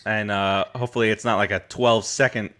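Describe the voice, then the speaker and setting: A man hosts a loose chat show over a video call, and his voice has a bright, forward tone. He keeps the mood light, teasing his co-hosts and often breaking into laughter. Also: on the low side, fairly even intonation, fast. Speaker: show host.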